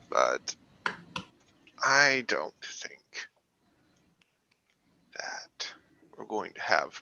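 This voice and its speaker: A man playing a tabletop role-playing game, voicing his character in a slow, smug, menacing way. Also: a bass voice, gravelly, pushed and bright, muffled recording. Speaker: player.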